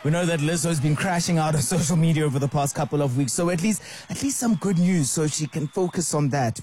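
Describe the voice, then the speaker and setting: Male radio host, high husky voice, animated and opinionated delivery. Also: brisk, few pauses, no echo. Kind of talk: casual radio chat.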